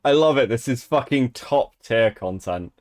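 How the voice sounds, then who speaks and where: A man's voice: mid-range voice, lively intonation, normal speed, darkish tone, no room sound. A man giving casual, profane, amused commentary on a clip during a stream. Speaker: stream co-host reacting to a clip. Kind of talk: reaction commentary.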